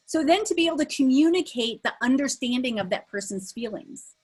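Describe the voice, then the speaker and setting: A woman's voice: sits high, lively intonation, fairly quick, darkish tone, slightly rough, poor audio. A middle-aged woman leading a live online workshop over a video call, talking in a conversational way with many fillers and restarts. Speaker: workshop facilitator.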